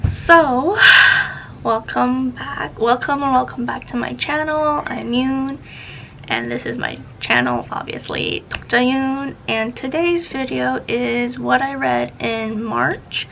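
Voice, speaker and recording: A young woman talks to her own camera as a book vlogger, chatty and rambling. Her voice sits a touch high with a lot of vocal fry, and a faint hiss of background noise runs under it. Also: lively intonation, slow pace. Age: young adult. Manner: chatty, rambling, easily sidetracked. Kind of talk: casual vlog chat. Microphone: camera facing her, self-filmed.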